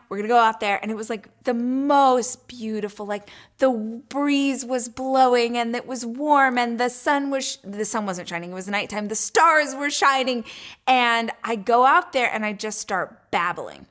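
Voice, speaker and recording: A woman in her thirties hosts a casual talk show and tells a personal story with gushing energy. She acts out her own thoughts as she goes, and her voice sits a touch high for a woman. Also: moderate pace, fairly bright tone. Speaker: podcast host.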